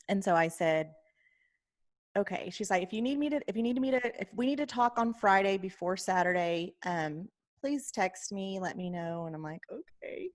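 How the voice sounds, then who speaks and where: A woman podcast co-host in casual chat, telling a story in an animated way and often quoting herself and others. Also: mid-range voice, normal speed.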